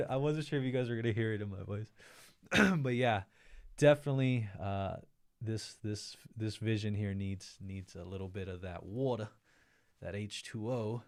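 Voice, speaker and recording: A man's voice: on the low side, measured pace, no room sound, clean studio sound. A man hosting a casual livestream, reading viewer comments aloud, laughing often and thanking his viewers effusively. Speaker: livestream host.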